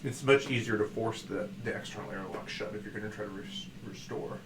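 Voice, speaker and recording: A man running a tabletop game as game master, narrating in a relaxed, hesitant way with many fillers. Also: lowish voice, brisk. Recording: echoey room with background noise.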